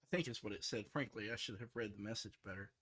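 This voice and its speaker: A middle-aged man, a software developer, talking casually and rambling, frustrated, with many restarts and fillers. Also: fairly low pitch, fast. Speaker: software developer streaming his work.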